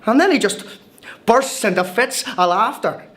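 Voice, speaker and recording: A man's voice: very high voice, animated, moderate pace, a bit bright. An actor with an Irish accent playing a cheerful, wide-eyed newcomer in a scripted comic film monologue. He tells his story in a chatty, wry way, with hesitant restarts. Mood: wry storytelling. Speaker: monologue narrator.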